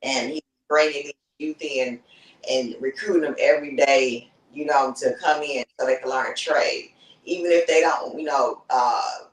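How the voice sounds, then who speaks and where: A woman's voice: extremely low pitch, moderate pace. Brief: female guest, easygoing and rambly, heard from a distance in an echoey room. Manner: relaxed, rambling, many fillers. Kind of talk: casual chat. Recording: roomy, off-mic distance.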